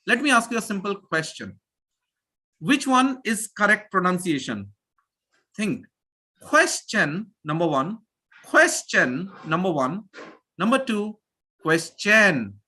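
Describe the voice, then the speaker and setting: A man teaching pronunciation in a live online class, energetic and repeating phrases as he drills his students. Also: sits high, slow pace, pauses often. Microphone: video call.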